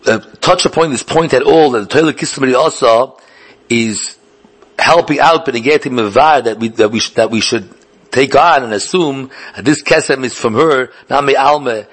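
A man delivers a Talmudic lecture in a husky, middle-pitched voice. He thinks out loud, stumbling over repeated words and restarting his sentences. He weaves Hebrew and Yiddish learning terms into his English. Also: moderate pace. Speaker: Talmud teacher.

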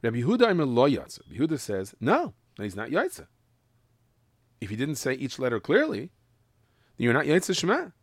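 A man's voice: mid-range voice, no echo, clean studio sound. A man teaching a Mishnah class, explaining the text and sounding out words carefully. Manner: explains in English mixed with Hebrew and Yiddish terms, stressing pronunciation. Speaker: Torah teacher.

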